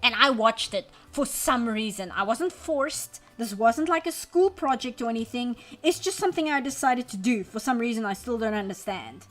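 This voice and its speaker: A woman's voice: a little high, moderate pace, few pauses, a bit bright. A woman chatting casually while drawing on a live stream, rambling wryly and poking fun at herself. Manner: chatty, wry, self-deprecating rambling; reads and answers chat messages. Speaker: art streamer. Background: faint background music.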